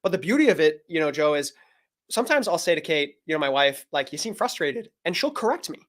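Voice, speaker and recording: A man's voice: a little high, very animated, fast, a bit bright. Earnest man coaching on a call. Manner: earnest, explanatory, acts out quoted dialogue. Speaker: men's coach, guest. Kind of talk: live interview answer.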